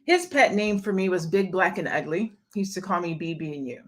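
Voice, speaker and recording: A woman's voice: lowish voice, brisk. A young adult woman hosting a casual live stream, talking candidly and emphatically to viewers and greeting them by name. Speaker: live stream host and event promoter.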